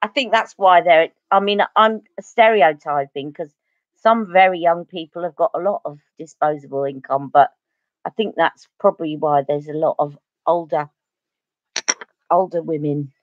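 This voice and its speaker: A woman's voice: deep voice, normal speed, dry recording, narrow, tinny audio. A woman with an Essex accent chatting through a live makeup tutorial, answering viewer comments as she goes. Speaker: beauty vlogger.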